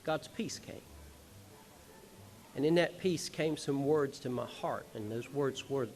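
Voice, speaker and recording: A man's voice: medium pitch, slow pace, pauses often, a little mellow. A man speaking on a concert hall stage, telling family stories in a folksy, rambling, emotional way with small chuckles. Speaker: son of the honored musician, speaking at a tribute show. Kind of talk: personal stage speech.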